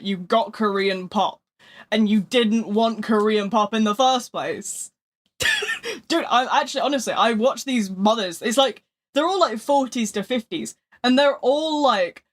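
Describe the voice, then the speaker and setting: A young woman chatting casually on a live stream. She is animated, swears often and keeps laughing. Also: fairly high pitch.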